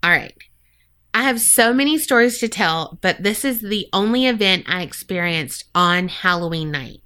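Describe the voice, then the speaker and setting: A woman's voice: mid-range voice, expressive, moderate pace, pushed and bright. A woman co-hosting a podcast, chatting agreeably and reading a listener's story aloud. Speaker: podcast co-host. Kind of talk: casual chat and reading listener stories aloud.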